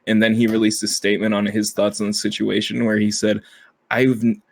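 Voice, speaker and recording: A man's voice: on the low side, monotone, a little fast, vocal fry. A man co-hosting a casual podcast chat, rambling with lots of fillers and frequent laughter. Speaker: podcast co-host.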